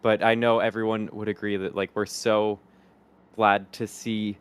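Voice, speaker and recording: A man's voice: on the low side, little pitch movement, measured pace, clear, resonant tone. A man hosting a livestream, reading out viewer messages and thanking supporters in an upbeat way. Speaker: livestream host. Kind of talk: live-stream hosting, reading super chats.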